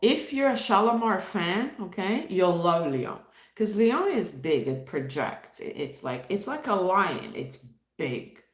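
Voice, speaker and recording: A Montreal woman hosts a live stream, chatting casually and greeting viewers by name as she reads the chat. Her voice is fairly low and sing-song, delivered at a measured pace with a roomy sound.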